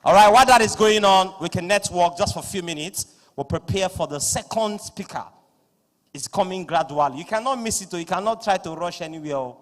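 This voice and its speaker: A man with a Nigerian accent acting as master of ceremonies at a live conference, loud and playful, slipping into pidgin asides. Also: sits high, brisk. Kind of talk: live event hosting. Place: large conference hall. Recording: echoing hall through PA.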